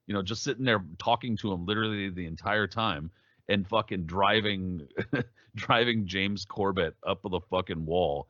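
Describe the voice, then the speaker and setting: A man co-hosting a podcast, telling a story in casual chat, profane and animated, slipping into quoted voices. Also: low-pitched, moderate pace, no echo, lo-fi sound. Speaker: podcast co-host.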